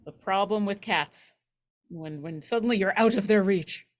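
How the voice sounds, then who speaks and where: A woman's voice: mid-range voice, normal speed. A woman co-hosting a live painting stream, chatty and enthusiastic, rambling and asking questions. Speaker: co-host learning to paint. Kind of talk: casual chat on a live stream.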